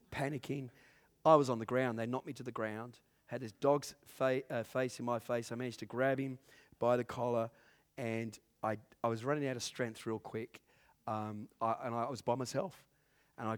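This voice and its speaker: A man preaching a sermon to a congregation, who swings from loud, drawn-out preaching to hushed storytelling and laughs at his own jokes. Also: medium pitch. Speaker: pastor. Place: church in front of a congregation.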